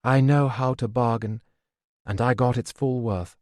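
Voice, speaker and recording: A man reading the lines of a practical, stubborn young woman tending a wound, in a brisk, matter-of-fact way, for an audiobook. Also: medium pitch, steady tone, a little mellow, no room sound, clean studio sound, close to an everyday voice.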